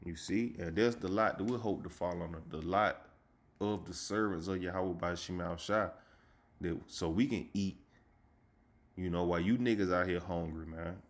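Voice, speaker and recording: A man giving an emphatic street sermon, reading scripture slowly and stopping often to ask "you see?". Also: low voice. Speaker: street preacher.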